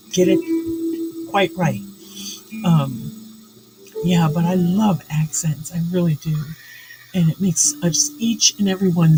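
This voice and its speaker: A New York woman with a lowish voice hosts a livestream, chatting and rambling casually with lots of fillers. The recording is low quality, with loud, relaxing music playing underneath her.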